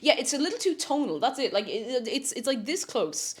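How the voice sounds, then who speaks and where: A woman's voice: high-pitched, very animated, fairly quick. A woman chatting casually and giggling while cooking at home on a live stream. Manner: chatty and giggly, breaks into silly noises.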